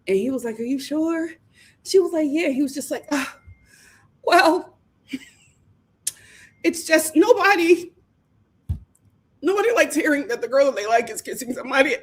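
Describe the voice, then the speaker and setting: A woman hosting a live reality show recap, talking dramatically, laughing and mimicking the cast in hushed voices. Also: high voice, expressive, unhurried, long pauses. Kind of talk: animated live recap commentary.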